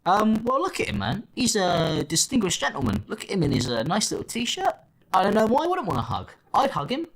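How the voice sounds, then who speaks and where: A man's voice: sits high, wildly swooping pitch, a little fast, fairly bright tone. A man hosting a reaction video, talking in a sarcastic, theatrical, mock-whiny way. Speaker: host. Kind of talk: reaction commentary.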